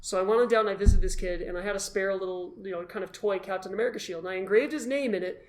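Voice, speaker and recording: A man as the guest, telling his story in an animated, self-deprecating way and acting out his own past thoughts. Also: high-pitched, racing. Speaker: guest, costumed charity volunteer. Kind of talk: casual storytelling in a conversation.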